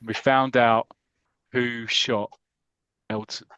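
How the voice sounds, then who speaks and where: A man's voice: medium pitch, slow, clear, resonant tone, no echo, lo-fi sound. A British man co-hosting a podcast, casually and animatedly retelling a comic story. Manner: animated storyteller, acts out the lines. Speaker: podcast co-host.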